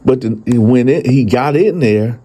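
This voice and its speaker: A man telling his own story in a casual, profane, animated way, speaking straight to his listeners. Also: medium pitch, moderate pace, husky.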